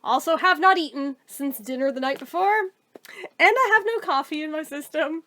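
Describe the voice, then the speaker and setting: High-pitched woman, casual storytime host, animated and fed-up delivery with swearing. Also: normal speed. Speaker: storytelling YouTuber.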